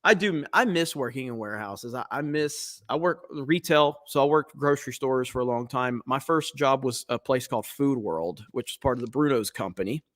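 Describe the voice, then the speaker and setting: A man's voice: mid-range voice, moderate pace, hardly any pauses. A man in his forties, a podcast co-host, telling rambling, profane stories in casual chat. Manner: profane, rambling storyteller with laughs.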